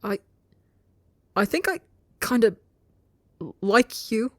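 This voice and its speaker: A woman's voice: fairly low pitch, takes it slowly, no echo, studio quality. A woman voicing a shy, stammering young male insect-like creature who talks hesitantly and flustered.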